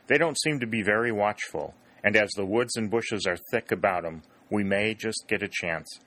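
A man voicing a steady young soldier scout. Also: lowish voice, normal speed, dry recording.

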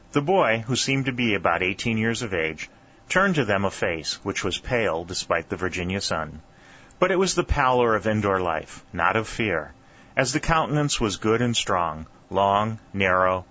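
Male audiobook reader, measured and steady, low voice, muffled lo-fi recording. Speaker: audiobook narrator. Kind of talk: scripted narration.

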